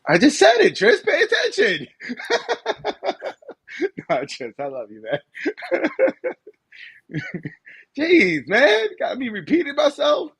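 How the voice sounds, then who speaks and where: A man's voice: very high voice, huge pitch swings, slow pace, pauses often, a bit bright, husky. A man co-hosting a live podcast in casual chat, laughing often and acting out mocking voices. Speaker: podcast co-host.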